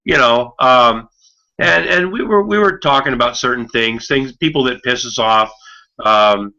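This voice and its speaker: Bright-voiced man rambling in casual chat. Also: mid-range voice, measured pace. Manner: rambling, profane, many fillers and restarts. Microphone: online video call. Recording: muffled online call audio.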